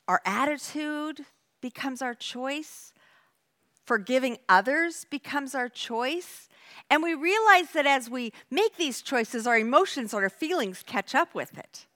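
A woman teaching a church lesson in a conversational, animated way. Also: high voice. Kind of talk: sermon.

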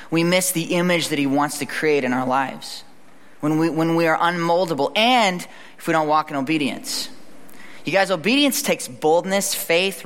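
A man preaching a sermon in a conversational, animated way, acting out the lines he quotes. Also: on the high side. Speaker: pastor. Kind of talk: sermon with storytelling. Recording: reverberant hall.

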